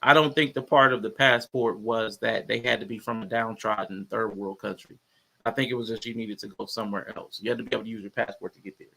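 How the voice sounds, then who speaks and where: A man's voice: lowish voice, quick pace, creaky. A man hosting a casual reaction commentary stream, talking loosely to his viewers and chat. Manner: relaxed, conversational, addresses viewers as y'all. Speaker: commentary channel host.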